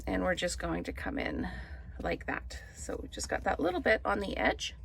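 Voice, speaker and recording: A woman's voice: medium pitch, very animated, a little fast, creaky, very noisy. A woman chatting through a card-making tutorial, thinking aloud as she works. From Canada. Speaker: papercraft demonstrator.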